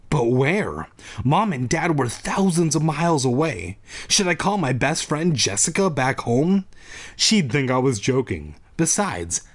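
A man's voice: on the high side, husky. A man hosting a comedy podcast, reading a kids' horror book aloud with crude, joking asides. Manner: animated, swings from mock-spooky narration to crude jokes.

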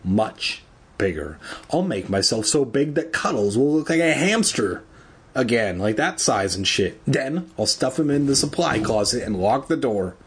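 A man's voice: unhurried, slightly rough. A man reading a children's horror novel aloud, shrieking the characters' lines and breaking off for crude, joking asides. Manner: animated, jumps to shrill shrieks for characters, swears in asides.

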